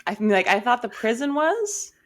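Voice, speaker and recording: A woman's voice: fairly high pitch, very animated, normal speed, fairly bright tone. Brief: a woman as a laid-back podcast co-host, giggly, curious, chatting with a close friend. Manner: giggly, easygoing, questioning. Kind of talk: casual chat between friends.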